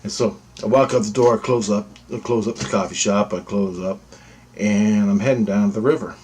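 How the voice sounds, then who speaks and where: A man's voice: lowish voice, fairly even intonation, fairly quick, a little mellow, breathy edge. A man telling a personal story in a rambling, repetitive way, swearing freely. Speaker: vlogger. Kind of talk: casual spoken storytelling.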